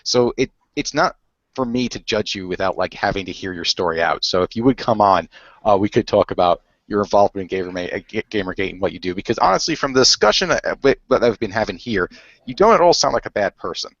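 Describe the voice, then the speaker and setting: Host type, low-voiced man, halting and earnest; dry, dull chat audio. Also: no room sound. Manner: hesitant, many fillers, earnest. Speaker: discussion host. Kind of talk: casual voice chat.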